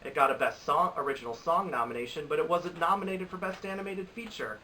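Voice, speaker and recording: Bright-voiced young man ranting about movies. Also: fairly high pitch, fast. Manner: rambling, opinionated, with frequent restarts. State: has a cold. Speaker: movie reviewer. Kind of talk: casual opinion vlog. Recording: slightly distant mic with faint hiss.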